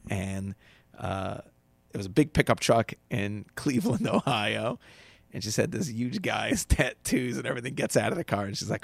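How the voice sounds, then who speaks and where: A man's voice: fairly high pitch, brisk, creaky, no room sound, studio quality. A man who teaches as a rabbi, giving casual spoken advice and acting out the people in his stories with frequent restarts. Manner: animated storyteller acting out quotes, many restarts.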